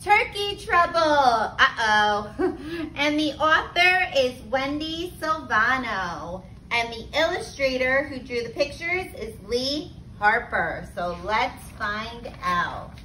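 Slow, bright-voiced woman reading to kids. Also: high-pitched, slight background noise, low-quality recording. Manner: expressive, slow, with gasps and laughs for children. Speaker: teacher reading aloud. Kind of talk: children's read-aloud.

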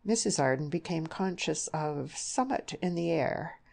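A woman narrating an audiobook novel in a measured, even reading. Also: sits low, creaky. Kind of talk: scripted narration.

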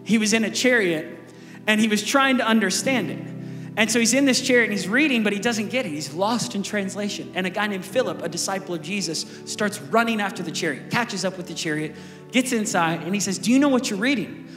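Male pastor, high-pitched, casual and energetic sermon delivery, recorded on a stage mic in an echoey church hall. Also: fairly quick, over music. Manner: conversational, energetic preaching with asides to the congregation. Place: large church auditorium.

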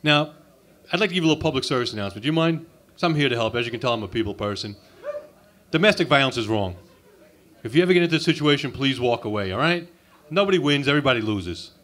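A man's voice: medium pitch, lively intonation, quick pace, fairly bright tone. A man doing a crude, sarcastic insult stand-up routine at an open mic night. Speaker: stand-up comic. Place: comedy club open mic.

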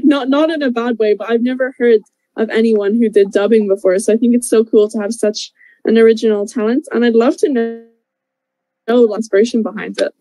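A woman's voice: on the high side, mellow, dry recording, low-quality recording. A woman asking a rambling, enthusiastic question full of fillers. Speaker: audience member asking a question. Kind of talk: casual chat.

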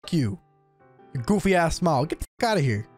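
A man hosting an anime reaction, talking casually and excitably, swearing and yelling at the screen. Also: on the high side, fast talker, breathy edge, soft background music. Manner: excitable, profane, yells at the screen.

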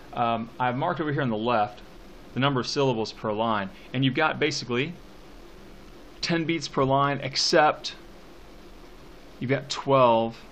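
A man teaching a class on a poem, talking slowly and haltingly with many fillers, stopping to read lines aloud. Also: mid-range voice, a bit bright, a little hiss or hum. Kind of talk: classroom poetry lecture.

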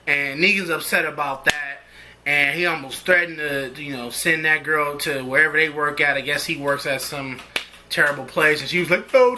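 A man's voice: on the high side, pushed and bright, slight background noise. A young man giving a casual, rambling spoken review of a TV episode in a slangy, conversational way.

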